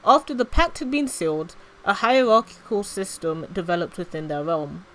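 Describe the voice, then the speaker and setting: A woman streamer reads a fantasy story aloud in an expressive storytelling manner. Her voice is bright and clear, with a crisp edge. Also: medium pitch, normal speed, low-quality recording.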